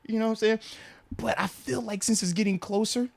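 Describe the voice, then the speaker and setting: A man in his thirties hosting a casual sports podcast, an animated storyteller who swings between loud bursts and whispered asides. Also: high voice, quick pace, vocal fry, no echo. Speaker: podcast host.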